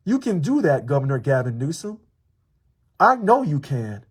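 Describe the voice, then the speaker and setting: A man with a husky, slightly raised voice speaks as a union local president, addressing a public official in a measured sermon-like tone. He drives points home by repeating them and spacing his words deliberately. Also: a little high, very animated. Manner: measured, preachy, repeats for emphasis. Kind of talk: direct-address video commentary.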